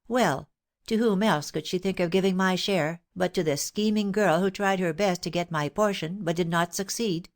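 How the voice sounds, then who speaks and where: A proud, defiant young woman speaks in a cold, clipped manner, as a woman narrator puts her on. The voice sits higher than the reader's own low register. It is an audiobook reading. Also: moderate pace, lightly acted.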